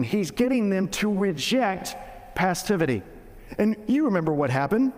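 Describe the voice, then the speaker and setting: A man's voice: high voice, big pitch swings, moderate pace, a little mellow, in a large hall. A man preaching a sermon in a casual, joking way, often restarting his sentences. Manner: conversational, joking, with frequent restarts. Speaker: pastor.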